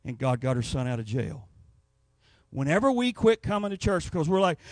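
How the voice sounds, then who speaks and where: Male preacher, high-pitched and lively, folksy storyteller, dry close sound. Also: fairly quick, no echo. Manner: animated, folksy storytelling with acted voices. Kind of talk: Pentecostal revival sermon.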